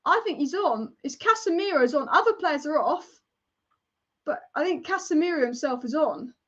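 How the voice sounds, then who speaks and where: A young woman hosting a live football watch-along, excitable and casual, chanting and swearing as she reacts. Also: high-pitched, moderate pace. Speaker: football fan livestream host. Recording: dull lo-fi stream audio.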